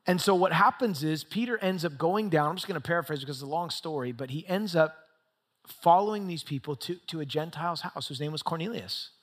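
Casting: middle-aged male pastor, high voice, storytelling preacher who gets excited. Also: fairly quick. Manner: conversational storytelling, excitable with rising pitch. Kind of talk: sermon.

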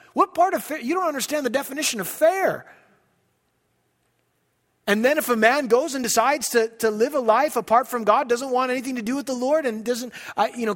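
A man preaching a sermon to his congregation, emphatic and pleading, dropping his voice low for scripture. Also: a bit bright. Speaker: pastor. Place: church sanctuary. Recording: hall reverb.

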